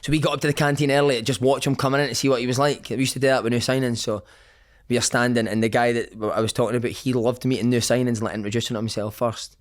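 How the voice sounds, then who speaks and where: A man, a former footballer telling lively anecdotes as a podcast guest, cursing and saying "mate" often. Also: medium pitch, rapid-fire. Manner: animated, swears freely, says "mate" a lot.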